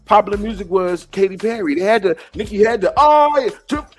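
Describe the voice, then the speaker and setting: A man's voice: high-pitched, brisk, soft background music. A man hosting a live gossip stream, ranting in heated, profane commentary straight to his viewers.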